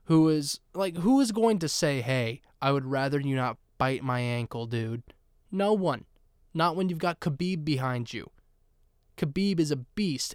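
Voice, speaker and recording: A young man hosting a solo podcast, talking in a playful, sarcastic and animated way. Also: fairly high pitch, smooth, dry recording, clean studio sound. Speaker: podcast host.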